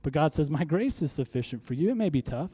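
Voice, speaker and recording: Mellow-voiced preaching man. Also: fairly high pitch, lively intonation, quick pace, breathy edge. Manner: call-and-response, rising to emphatic. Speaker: pastor. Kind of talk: sermon. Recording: faint music behind.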